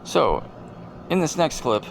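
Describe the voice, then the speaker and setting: A man hosting a video and commenting casually over clips in a deadpan, rambling, joking way. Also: a little high, takes it slowly, vocal fry, background noise. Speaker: video host.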